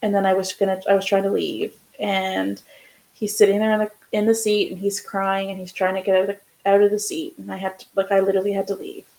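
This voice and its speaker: A woman's voice: medium pitch, monotone, fast talker, creaky, a little mellow, low-quality recording. A young woman co-hosting a podcast, talking in a rambling casual way with lots of fillers. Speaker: podcast co-host. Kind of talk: casual chat.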